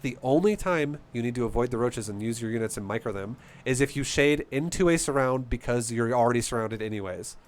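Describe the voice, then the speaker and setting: A man's voice: medium pitch, expressive, brisk, hardly any pauses. A man coaching a player through a game replay in a casual, blunt, profane and passionate way. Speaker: StarCraft coach.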